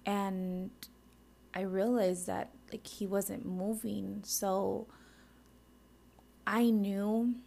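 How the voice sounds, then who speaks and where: A young woman telling a personal story in a halting way, full of fillers and often dropping into a whisper, tearful. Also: medium pitch, flat delivery, creaky, dark tone. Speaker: mother recounting a loss.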